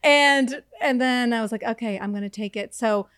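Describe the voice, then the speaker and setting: A woman's voice: fairly high pitch, moderate pace, a bit bright, clean tone, no echo, clean studio sound. A woman podcast co-host telling a story in casual chat, acting out the voices and laughing often.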